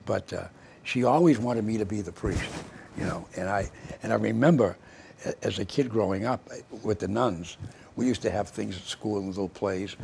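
A man's voice: fairly low pitch, normal speed, gravelly, a little mellow, slight background noise. An older man hosting a local TV interview, telling rambling stories with many restarts. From Massachusetts, US. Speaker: TV show host. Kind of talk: casual interview chat. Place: local cable TV studio.

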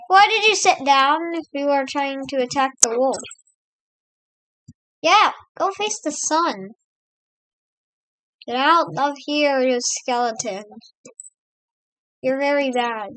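An American woman runs a let's play, rambling casually through gameplay commentary and talking to her in-game pets. Her voice is high and a bit bright, with no echo, though the audio is poor.

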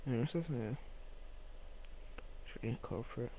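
A man voicing a menacing male assassin interrogating a victim, speaking low and quietly threatening. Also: brisk, a little hiss or hum, lightly acted.

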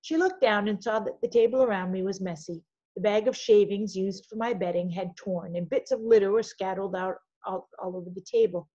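A woman reading a children's novel aloud in an expressive storytelling manner. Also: medium pitch, fairly quick, lo-fi sound. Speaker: audiobook reader.

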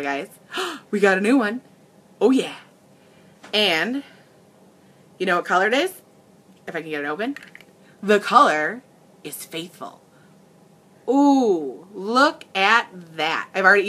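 With a mid-range voice, a woman hosts a casual makeup livestream, gushing with excitement and tearful gratitude as she greets her viewers.

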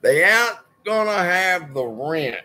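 A man's voice: high-pitched, very animated, takes it slowly, pushed and bright. A man hosting his own channel, telling a personal story in a rambling, profane, wry way. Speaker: channel host.

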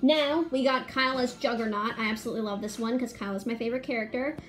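A woman narrating a casual video in a chatty, excited way as she walks through her fan drawings one detail at a time. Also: on the high side, quick pace, slight background noise.

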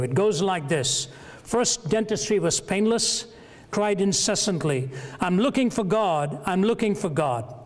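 A man giving a public lecture at a university, measured and reflective as he tells stories. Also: fairly high pitch. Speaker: speaker. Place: large university lecture hall. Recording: long reverb of a large hall.

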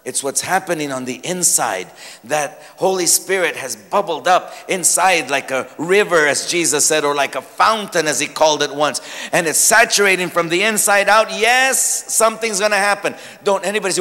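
A male pastor preaching a sermon, telling stories with lively humor. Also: high voice, normal speed. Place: church sanctuary. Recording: long church hall reverb.

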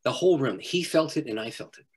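A middle-aged man, a pastor, telling a personal story in an interview, animated and often laughing. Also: mid-range voice, fast talker, slightly rough. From Canada.

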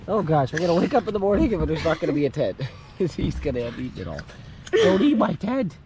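A man's voice: fairly high pitch, lively intonation, fast, crowd noise. A man hosting a camping vlog, talking casually and playfully, cooing at a baby goat in a tent at an island campsite. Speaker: vlog host.

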